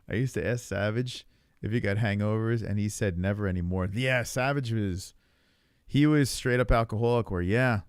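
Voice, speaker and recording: A man in his forties with a New York accent, rambling and swearing in casual live stream chat while high, chuckling often. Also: normal speed, smooth, dry recording, studio quality. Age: 40s.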